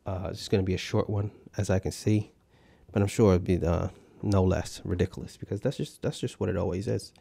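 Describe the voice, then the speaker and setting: Man, podcast host, very low voice, warm dark tone, dry sound, sarcastic, swearing. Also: fairly even intonation, brisk, vocal fry, husky, dry recording. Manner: sarcastic, swears constantly, mocks the clip. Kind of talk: profane comedic commentary.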